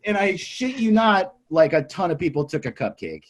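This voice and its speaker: A man's voice: high voice, big pitch swings, moderate pace. A young man on a podcast, telling a long story, acting out the people in it and swearing a lot. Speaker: comedian guest.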